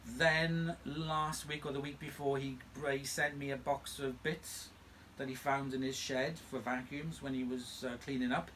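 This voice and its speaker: A man's voice: medium pitch, steady tone, unhurried, fairly bright tone, a little hiss or hum. A man hosting a vacuum restoration channel, chatting casually from home in a playful, teasing way. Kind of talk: casual chat. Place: home room.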